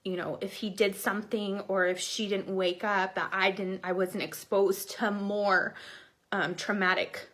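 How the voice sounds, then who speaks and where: A woman's voice: medium pitch, little pitch movement, measured pace, a bit bright. A young adult woman telling her own life story in a casual, rambling way, full of "like" fillers and restarts.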